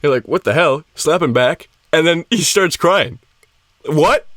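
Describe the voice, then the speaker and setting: A man's voice: on the high side, expressive, a little slow, a bit bright, dry recording, studio quality. A young man co-hosting a casual chat, laughing often and acting out quoted lines in swearing banter. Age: young adult. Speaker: podcast co-host.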